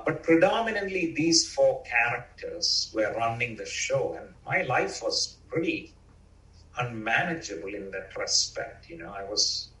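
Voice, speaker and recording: A man's voice: medium pitch, bright, forceful tone. A man telling a group his personal story in an earnest, reflective way, with casual fillers. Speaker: speaker sharing a personal story. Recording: roomy, from far off.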